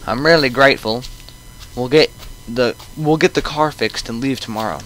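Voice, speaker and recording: A man's voice: medium pitch, normal speed, a bit bright, a little hiss or hum, lightly acted, poor audio. A man voicing a laid-back young woman traveler in his own everyday voice, talking casually.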